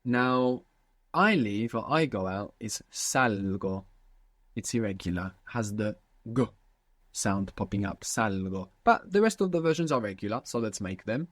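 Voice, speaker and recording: A man's voice: fairly low pitch, lively intonation, unhurried, dry recording. A man teaching a language lesson, patiently prompting his student with questions.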